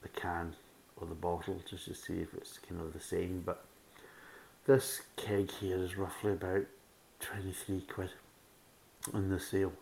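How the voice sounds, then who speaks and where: Deep-voiced blunt male beer reviewer. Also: flat delivery, a little slow, vocal fry, darkish tone, rough recording. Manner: blunt, rambling, repeats himself. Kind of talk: casual spoken beer review. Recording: faint background hiss.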